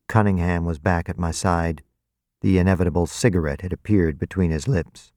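A man narrating a novel in the first person in a wry, even way, close to the mic. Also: deep voice, moderate pace, dry recording. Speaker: audiobook narrator.

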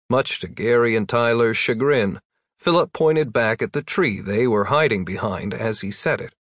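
A man narrating a story in a plain, even storytelling voice. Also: medium pitch, normal speed, dry recording, studio quality. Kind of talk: audiobook narration.

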